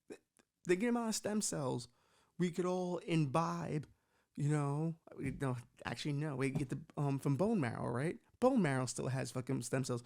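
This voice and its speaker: A young podcast host from Bushwick with a raspy, gravelly edge. His voice sits a bit high for a man, and he jumps between bits and profane asides in a rambling, animated comic style. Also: normal speed. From Puerto Rican from Bushwick, New York. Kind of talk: comedic podcast rant.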